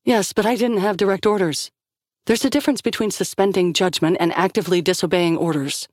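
A woman's voice: medium pitch, a little fast, a little mellow, dry recording, clean studio sound, voice pushed up, lightly acted. Stern commander lady, clipped and firm , a woman reading her.

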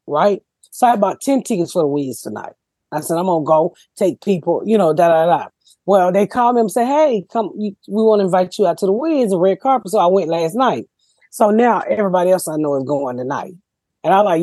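Casting: loud-mouthed woman host, husky, dry studio sound, brash profane storytelling. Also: medium pitch, no echo. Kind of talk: casual podcast chat.

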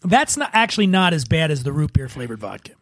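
A man's voice: a little high, very animated, fast, a bit bright, dry recording. A man hosting a casual drinking-game quiz, playful and teasing as he reads questions. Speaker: host.

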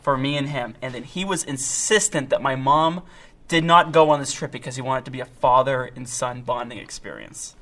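A man from Massachusetts telling a sheepish, halting story in casual podcast chat. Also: mid-range voice, a bit bright. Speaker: podcast co-host.

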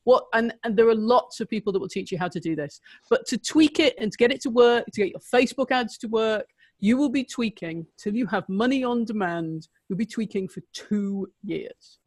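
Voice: medium pitch, normal speed, a little mellow, no echo. A co-host in a casual business chat who gives direct, frank advice.

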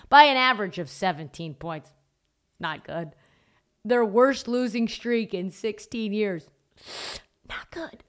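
A woman's voice: mid-range voice, vocal fry. A woman hosting a sports talk podcast, delivering an emphatic, gleefully mocking monologue in short punchy bursts. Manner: punchy repeated short phrases. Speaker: podcast host.

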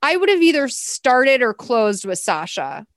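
A woman hosting a podcast, recapping a movie in casual, animated chat with lots of laughs and "like". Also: high voice, a little slow, no echo. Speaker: podcast host.

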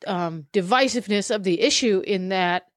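Measured woman podcast host, dry sound. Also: mid-range voice, dry recording. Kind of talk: casual podcast conversation.

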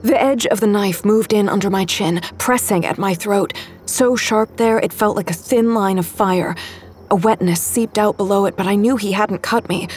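A woman's voice: medium pitch, moderate pace, a little mellow, a little hiss or hum. A woman narrating a novel in the first person, with tense, vivid storytelling. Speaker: audiobook narrator.

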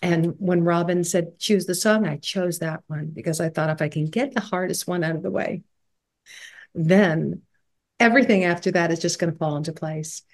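A woman's voice: lowish voice, steady tone, moderate pace. A middle-aged woman singer, a guest on a podcast, talking candidly and with animation, often breaking into laughter. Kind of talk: podcast interview.

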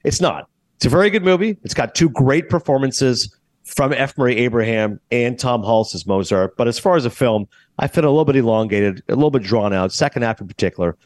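A man with a medium-pitched voice hosts a podcast, talking fairly quickly in a casual movie review chat with no echo. He's animated and acts out the characters' lines.

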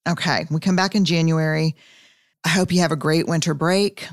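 A woman's voice: low voice, fairly even intonation, normal speed, dry recording, studio quality. A woman hosting a podcast in a casual, candid way, stretching out reflective phrases. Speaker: podcast host.

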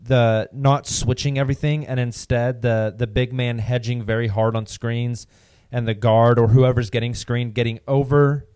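Analytical man with a smooth, dry voice. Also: mid-range voice, flat delivery, normal speed, hardly any pauses, a little mellow, no echo. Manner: rambling analytical, many fillers. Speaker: podcast co-host. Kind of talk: casual sports chat.

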